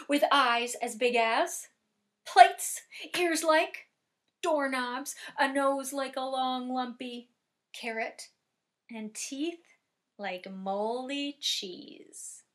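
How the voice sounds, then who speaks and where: A woman storyteller telling a folk tale to families, dramatic, swelling loud and dropping soft. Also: high-pitched, lively intonation, slow pace. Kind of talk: lively oral storytelling for families.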